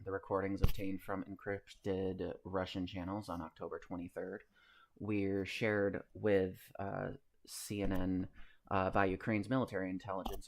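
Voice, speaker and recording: A man's voice: on the low side, vocal fry. A man streaming live, reading the news aloud and riffing on it in a rambling, casual way, with many fillers and some swearing.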